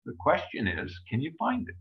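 A man teaches a card-game hand in a chatty walkthrough, his pitch swinging up and down as he acts out what each player is thinking. The recording sounds dull and lo-fi. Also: huge pitch swings, moderate pace. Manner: chatty, acts out players' thoughts in little voices. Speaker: bridge teacher. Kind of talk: screen-share lesson walkthrough.

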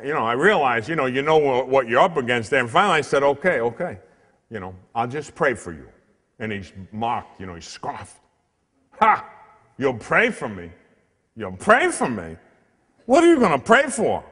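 A priest giving a comic, storytelling sermon in church, acting out the people in his tale. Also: mid-range voice. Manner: animated, comic storyteller who acts out the other people in the tale. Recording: long hall reverb.

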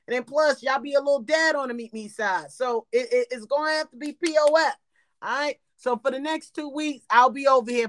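A brash woman runs a live room on a social app and speaks right to the people listening. She talks loud and blunt and swears freely. Her voice sits mid-high and sounds close and dry. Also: no room sound. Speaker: host of a live app show. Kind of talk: casual live-stream hosting.

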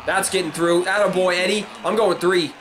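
A man giving live gameplay commentary, excitable, swearing and shouting at the game. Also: high voice, normal speed, rough recording. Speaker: gaming commentator. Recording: game crowd noise behind. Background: stadium crowd from the game.

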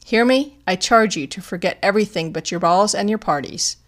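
A woman's voice: mid-range voice, brisk, lightly acted. Woman reading an earnest, commanding detective chief in a storybook reading, firm and direct. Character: earnest older male detective agency head.

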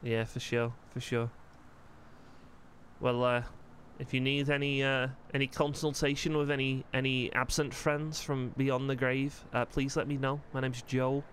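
A man's voice: medium pitch, little pitch movement, measured pace, a bit bright, slight background noise, lightly acted. A man doing a chatty Scouse medium. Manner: friendly, rambling, mate-and-lad slang. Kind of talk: role-play dialogue in a game.

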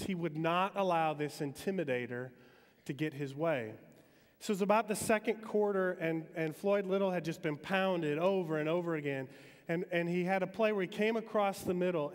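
Chatty man preaching in a big hall. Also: fairly high pitch. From Metro Detroit, Michigan, US. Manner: relaxed, chatty, frequent ums. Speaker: guest chapel speaker. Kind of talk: conversational sermon. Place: university chapel auditorium. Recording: long hall reverb.

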